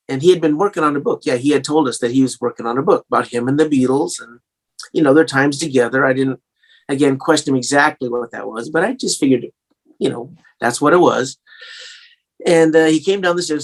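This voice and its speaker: A man's voice: medium pitch, brisk. A man with a slightly English-tinged American accent, a singer-songwriter telling stories in a casual interview, rambling with many fillers and restarts.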